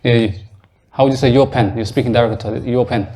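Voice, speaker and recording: A man teaches a grammar class in a mosque classroom, his voice sitting at an ordinary middle pitch. He explains patiently step by step, repeats each word, and turns to quiz his students as he goes. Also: steady tone, quick pace, dark tone, slight background noise. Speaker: Arabic teacher.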